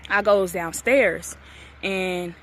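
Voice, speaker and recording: A woman's voice: lowish voice, very slow. A woman in her twenties tells a painful personal story in a casual vlog, recorded outdoors near a street. She acts out the things people said to her. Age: 20s. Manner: emotional, acts out quoted dialogue. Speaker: vlogger.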